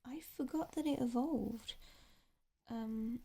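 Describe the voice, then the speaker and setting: A young English woman speaking softly in ASMR style, murmuring to herself as she tries to recall names. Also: a little high, slow, vocal fry, husky. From England. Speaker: ASMR creator. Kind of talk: soft-spoken ASMR.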